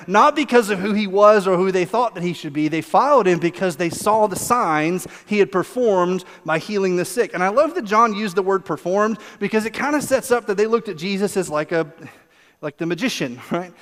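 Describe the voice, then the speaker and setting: Male pastor, high voice, chatty animated sermon, long church-hall reverb. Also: fairly quick. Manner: conversational and animated, laughing often, acting out quotes. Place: church sanctuary.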